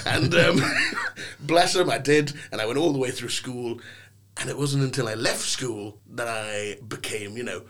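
A man's voice: mid-range voice, normal speed, slight background noise. A young man from England, a podcast guest telling stories in a casual chat with a theatrical, playful manner. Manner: theatrical, animated storytelling with playful put-on voices.

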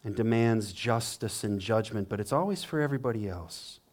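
A man who is a pastor preaching a sermon, swinging from hushed to emphatic and acting out quoted complaints in a whining voice. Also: normal speed. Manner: dramatic, acts out quoted complaints in a higher whining voice.

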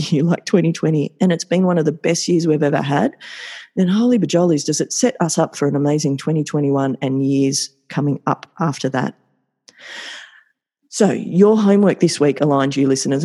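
A man's voice: fairly high pitch, warm tone, slightly rough. Upbeat motivational man podcasting solo. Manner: upbeat, effusive and motivational, repeats words for emphasis. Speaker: podcast host.

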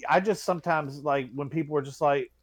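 A man from in a casual podcast chat, laid-back and swearing, cracking deadpan jokes. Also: on the high side, fairly quick. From Louisiana.

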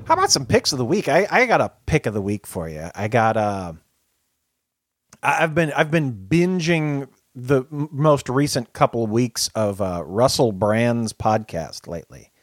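A man co-hosting a podcast in casual chat, animated and laughing often. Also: medium pitch, moderate pace, no room sound, studio quality. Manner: animated, laughs often, keeps saying the co-host's name. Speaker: podcast co-host.

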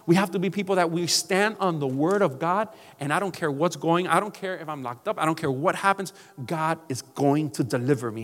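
A man's voice: fairly high pitch, a bit bright, big-room sound. A male pastor preaching a sermon emphatically, calling out to his congregation.

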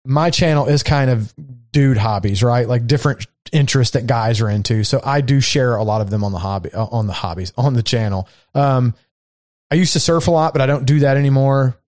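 A man's voice: medium pitch, a little fast, a little mellow, dry recording, clean studio sound. A man from Florida hosting a casual chat about hobbies and his channel, rambling with lots of fillers and restarts. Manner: rambling, filler-heavy, laid-back. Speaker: YouTube channel host. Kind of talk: casual chat over whiskey.

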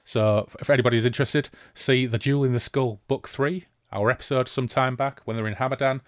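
A man's voice: medium pitch, steady tone, quick pace, no room sound, clean studio sound. A man co-hosting a podcast, chatting keenly about a fantasy novel and reading passages aloud. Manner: enthusiastic, chatty. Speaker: podcast co-host. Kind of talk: book discussion and reading aloud.

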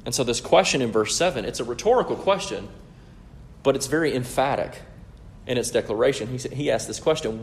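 A man's voice: mid-range voice, a little fast, slight background noise. A man preaching an expository sermon in an emphatic, explanatory way, often checking in with "right?".

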